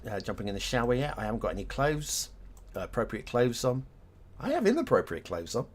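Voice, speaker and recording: A man's voice: mid-range voice, a little hiss or hum. A middle-aged man chatting casually on a live stream, rambling and self-mocking as he laughs at his own jokes.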